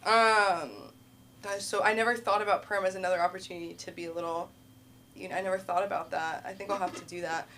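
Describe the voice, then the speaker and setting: A woman's voice: lowish voice, fairly even intonation, fast talker, fairly bright tone. A woman hosting a comedy open mic on a club stage, chatty and laughing as she acts out both sides of her stories.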